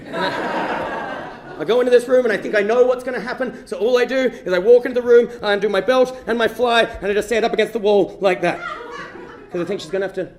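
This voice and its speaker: Give me a fast-talking man telling stand-up stories, self-mocking, in an echoey venue. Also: sits high. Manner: rambling, self-mocking, restarts often. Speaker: stand-up storyteller. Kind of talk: stand-up comedy storytelling. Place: comedy stage. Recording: roomy live venue.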